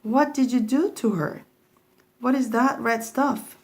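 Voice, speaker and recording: A woman voicing a fussy, anxious young mother in a storybook read-aloud, shrill and scolding. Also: steady tone, a little slow, a little mellow, a little hiss or hum. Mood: alarmed.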